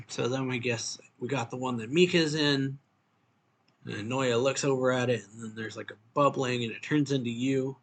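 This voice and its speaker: A man's voice: medium pitch, fairly even intonation, normal speed. Casual man recapping a manga chapter. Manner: rambling, filler-heavy retelling. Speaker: manga reviewer.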